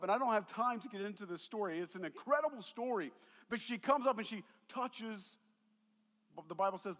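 A man preaching with a high, light voice that carries a long reverb through a large hall. He talks casually and animatedly, slipping into the voices of the people in the story as he tells it. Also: fairly bright tone. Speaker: pastor. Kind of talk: sermon.

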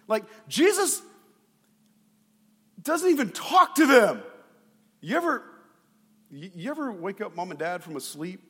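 Animated male pastor preaching. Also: high voice, measured pace, long pauses, slightly rough, big-room sound. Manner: animated and playful, acts out voices. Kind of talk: sermon.

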